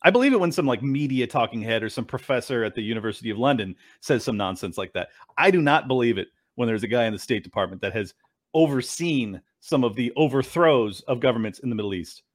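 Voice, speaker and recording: Man, ranting commentary host, sarcastic, profane, incredulous, lively pitch. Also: fast. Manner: mocks clips with mimicking voices.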